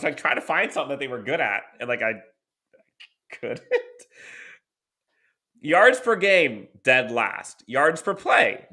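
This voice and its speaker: Animated, bright-voiced sports podcast man. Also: medium pitch. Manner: rattles off stats with dry laughs. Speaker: podcast co-host. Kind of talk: casual sports podcast chat.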